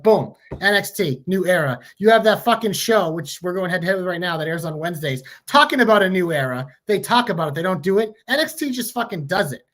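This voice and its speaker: A man co-hosting a podcast, chatting casually and excitedly about wrestling with frequent swearing. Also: high-pitched. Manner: excited, profane, enthusiastic. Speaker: podcast co-host.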